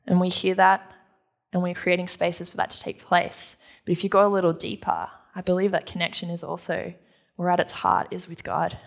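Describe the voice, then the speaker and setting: A woman's voice: fairly low pitch, flat delivery, brisk, gravelly. A woman pastor preaching a sermon in an earnest, conversational way, acting out quotes as she goes.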